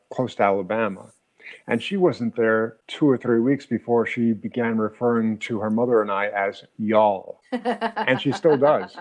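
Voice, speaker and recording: A man's voice: mid-range voice, darkish tone, poor audio. A middle-aged man co-hosting a casual podcast chat, reflective and a bit hesitant as he tells his stories. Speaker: podcast co-host.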